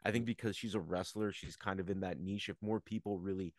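Low-voiced man with teasing banter. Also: fairly even intonation, fairly quick, no echo, clean studio sound. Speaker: podcast co-host. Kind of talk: casual chat.

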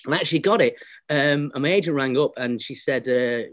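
A man, an actor and comedian, chatting casually as a podcast guest and telling anecdotes, slipping into quick voices for the people he quotes. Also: medium pitch, expressive, no room sound, studio quality.

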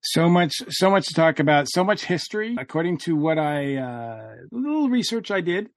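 A man's voice: a little high, big pitch swings, normal speed, no echo, studio quality. A man co-hosting a podcast in casual chat, hesitant and full of "uh" fillers. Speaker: podcast co-host.

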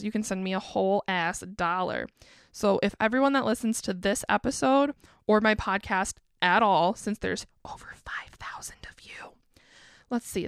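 Young woman podcast host, casual candid monologue, gravelly yet smooth voice. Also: fairly high pitch, a bit bright, no room sound, studio quality. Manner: candid, swearing, self-deprecating with frequent laughs.

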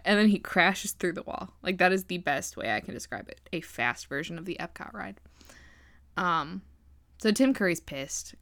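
A woman's voice: on the low side, fairly bright tone, no room sound, clean studio sound. A woman hosting a podcast, casually recapping a movie in a rambling, profane, giggly way.

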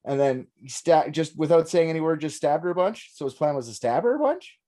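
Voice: medium pitch, animated, brisk, warm tone. A podcast co-host reacting in casual chat, swearing freely and asking puzzled questions.

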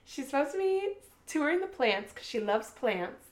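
A young woman with a somewhat high voice gushes through a book recap on a casual podcast. She swears freely and fills her sentences with "like." The sound is roomy and echoey. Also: normal speed. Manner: animated storyteller, swears freely, says "like" often. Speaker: podcast co-host. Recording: roomy echo.

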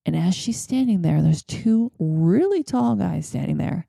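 A woman's voice: lowish voice, lively intonation, a little slow, creaky, warm tone, no echo, clean studio sound. A woman hosting a podcast, telling a personal story in a chatty, rambling way. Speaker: podcast host. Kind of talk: casual storytelling.

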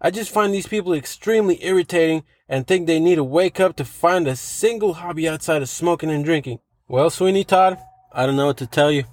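A man hosts a podcast and rants through online posts, sarcastic, rambling and swearing freely. His voice sits a little high. The sound is dry, with no room echo. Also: a little fast. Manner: profane, sarcastic, rambling ranting. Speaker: podcast host. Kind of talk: reading and ranting about online posts.

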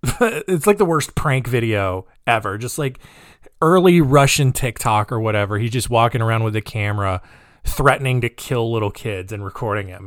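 A man tells a true-crime story in a casual, joking way and wanders off into personal asides. His voice is of middling pitch. It is recorded close and dry, with no room sound. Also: lively intonation, normal speed, no room sound. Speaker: podcast host.

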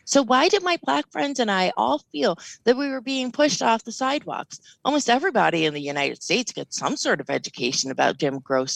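A woman's voice: on the high side, big pitch swings, a little fast, gravelly, few pauses, dry recording, poor audio. A woman co-hosting a podcast, laughing often as she reads out comments in casual chat. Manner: giggly, reads comments aloud. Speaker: podcast co-host reading comments.

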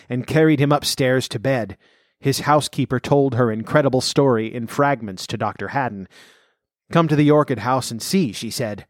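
A man narrating a classic story in an audiobook reading, measured and slowing in tense passages. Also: medium pitch, dry recording, clean studio sound.

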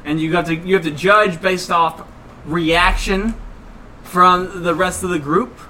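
A man explaining the rules of a family party game in quick, laughing bursts, heard from across the room on a home video. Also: high-pitched, steady tone, bright, forceful tone, distant mic, a little hiss or hum. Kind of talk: casual family game night.

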